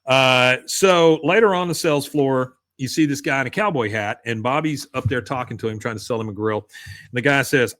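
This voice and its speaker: Brief: male podcast host, mid-pitched, dry close sound, retelling scenes with a chuckle. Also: fairly quick, a bit bright, no echo. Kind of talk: casual episode recap.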